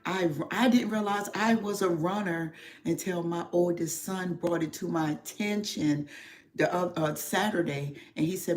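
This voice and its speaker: A middle-aged woman giving a confessional livestream talk as a spiritual therapist, getting emotional and speaking slowly and reflectively with many pauses and fillers. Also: fairly low pitch.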